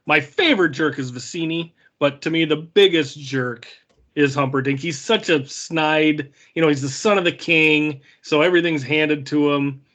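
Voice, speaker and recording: A man's voice: a little high, normal speed, a bit bright. A man co-hosting a casual podcast chat who is chatty and retells scenes with lots of "like" and "you know". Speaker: podcast co-host.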